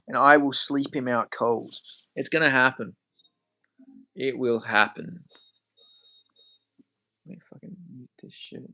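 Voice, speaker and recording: A man's voice: medium pitch, a bit bright. A man chatting casually on a stream. He rambles, swears freely and answers questions from chat.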